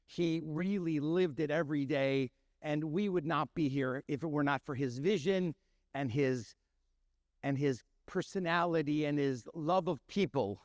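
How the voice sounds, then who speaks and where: Slightly slow and on the high side, the voice of this middle-aged Milwaukee chef and restaurant owner is recorded in echo-free studio quality. He tells stories to an audience with animation, acting out the voices of those he describes.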